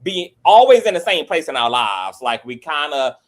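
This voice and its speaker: A man hosting a casual panel chat on a video call, sassy and animated, with his voice leaping up when he gets excited. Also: on the high side, normal speed. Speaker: host.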